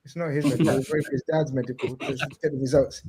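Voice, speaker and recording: A man hosting a casual live-stream chat, excitable, shouting out viewers and swearing casually. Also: medium pitch, racing, background noise. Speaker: host.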